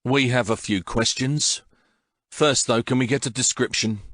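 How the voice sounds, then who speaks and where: A man's voice: mid-range voice, fairly even intonation, measured pace, a bit bright, no room sound, studio quality, pitched above the performer's own voice. A man voicing a businesslike police officer in an audiobook, asking questions in a matter-of-fact way.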